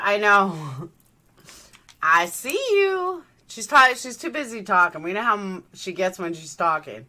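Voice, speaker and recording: A woman's voice: medium pitch, pushed and bright. A woman hosting a livestream, chatting loosely as she reacts to a live news feed. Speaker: livestream host. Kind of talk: casual live commentary.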